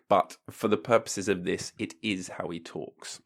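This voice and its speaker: A man's voice: sits low, steady tone, slow. A man hosting a comedy podcast, ranting in a mock-pompous way and breaking into silly voices. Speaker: podcast host.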